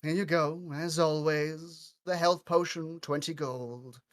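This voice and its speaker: A man voicing an elderly elven woman herbalist who speaks in a low, curt, dismissive way. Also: steady tone, slow pace.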